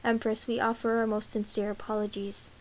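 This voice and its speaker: A woman voicing a shaken male palace guard who apologizes in a hurried way in a storybook reading. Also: on the high side, flat delivery, a little hiss or hum, natural voice, low-quality recording. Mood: apologetic.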